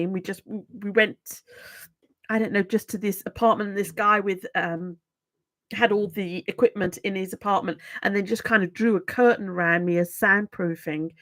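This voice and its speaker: A woman's voice: mid-range voice, no room sound. A middle-aged woman from England with a Brummie accent, chatting casually and self-mockingly to viewers on her channel. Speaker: YouTube host. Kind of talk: casual livestream chat.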